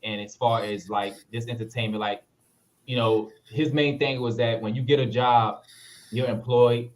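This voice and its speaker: A man, a guest actor telling stories in a casual interview, relaxed and full of fillers. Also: mid-range voice, moderate pace, rough recording. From Harlem, New York. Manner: laid-back, full of fillers, lively when retelling.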